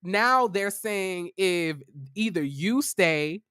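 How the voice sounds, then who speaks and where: A man voicing a calm landlady who states the lease terms plainly. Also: high-pitched, clear, resonant tone, no room sound, clean studio sound, voice pushed down, heavily acted. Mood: matter-of-fact. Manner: measured, matter-of-fact.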